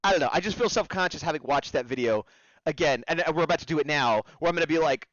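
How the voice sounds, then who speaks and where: A man co-hosting a casual fan discussion, lively and laughing often, acting out quotes in a high voice. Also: fast, no echo, highs cut off. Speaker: co-host.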